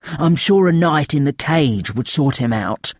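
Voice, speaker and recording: Guy voicing a pushy little reeve, eager loud whisper, a bit higher than his own voice. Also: lively intonation, measured pace, no room sound, studio quality. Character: eager, officious male reeve. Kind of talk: audiobook character voice.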